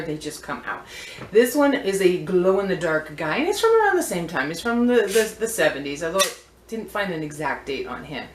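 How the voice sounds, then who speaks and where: A woman's voice: on the low side, slight background noise. A woman who sells vintage antiques, showing off her finds in a chatty, playful, wandering way. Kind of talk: casual show-and-tell vlog. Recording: echoey room.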